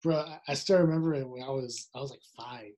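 A young man in a relaxed podcast chat, talking with hesitant restarts. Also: medium pitch, fast. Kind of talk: casual chat.

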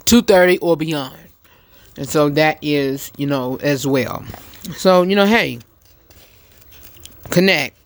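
A man's voice: on the high side, no echo. A man hosting his own show, chatting casually to his live-stream audience, rambling with many ums and restarts while eating. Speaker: show host. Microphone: phone.

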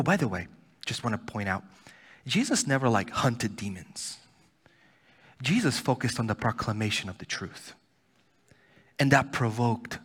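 Animated husky-voiced male pastor preaching. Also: medium pitch. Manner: animated preaching, swinging from loud pleading to hushed near-whispers. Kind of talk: sermon. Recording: church hall reverb.

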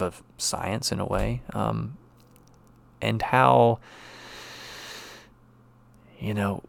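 A man's voice: lowish voice, gravelly, no room sound. A man teaching literature, reading a story aloud and commenting in a conversational way with frequent restarts and rhetorical questions.

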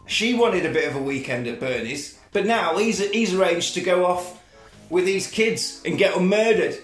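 Man, podcast host, jokey, high voice, roomy echo. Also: expressive, normal speed. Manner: jokey, rambling, acts out scenes. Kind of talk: casual film recap. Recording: roomy echo, faint music.

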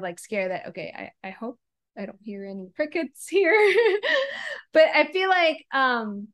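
A young woman ring announcer chatting casually, animated and quick to laugh, with frequent restarts. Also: mid-range voice. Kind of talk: casual conversation.

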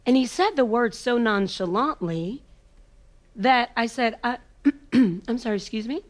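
A woman motivational speaker tells a personal story with an emphatic, repetitive rhythm and dramatic pauses. Her voice is a little high and animated, and it sometimes sinks to a hushed near-whisper.

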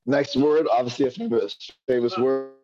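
A man teaching a Hebrew reading class, patiently repeating words slowly and asking his students questions. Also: mid-range voice, fairly even intonation, dark tone, dry recording. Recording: dull lo-fi dry recording.

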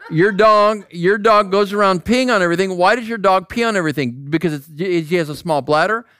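A man's voice: high-pitched, brisk, clean tone, no echo, studio quality. A man preaching a casual, conversational sermon, asking rhetorical questions and acting out voices. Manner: animated, acts out voices, asks rhetorical questions. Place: outdoor square.

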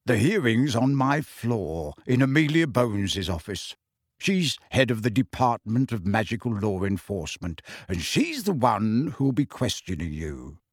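Brief: gentle, unhurried middle-aged father, voiced by a male narrator. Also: on the low side, big pitch swings, dry recording, studio quality. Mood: bracing. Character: kind middle-aged father, cheerful and fussy.

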